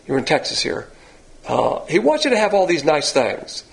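An older man preaching a sermon in a blunt, animated, coarse-spoken way. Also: fairly high pitch, normal speed, gravelly, poor audio. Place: church in Texas.

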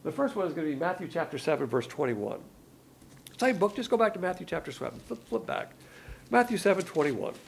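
A man's voice: on the high side, big pitch swings, brisk, creaky, slight background noise. A man preaching a sermon, colloquial and emphatic, with slangy asides.

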